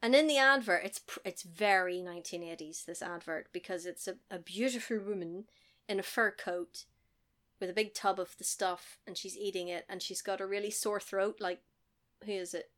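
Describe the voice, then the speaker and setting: A woman co-hosting a podcast, recapping a film in animated casual chat full of laughs and quick impressions. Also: medium pitch.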